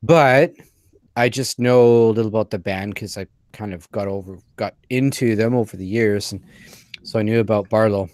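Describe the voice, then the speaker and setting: Low-voiced rambling man. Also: moderate pace, a little mellow, no echo. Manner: rambling, hesitant, reflective. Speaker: podcast co-host. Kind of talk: casual chat.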